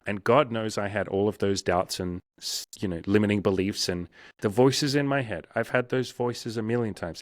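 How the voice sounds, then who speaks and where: Low-voiced man, blunt and profane. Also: normal speed, no echo, clean studio sound. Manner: frank, profane, acts out inner voices. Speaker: coach. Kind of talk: casual interview talk.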